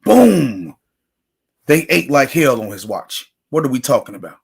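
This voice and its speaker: A man's voice: mid-range voice, sing-song, unhurried, gravelly, slightly rough. A man hosting a sports talk livestream, ranting emphatically and greeting chat viewers by name. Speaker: sports talk show host. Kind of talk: casual livestream commentary.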